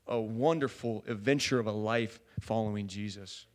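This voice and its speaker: A man preaching a sermon in a church, talking casually with many fillers and building to loud fervor. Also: lowish voice, normal speed. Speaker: pastor.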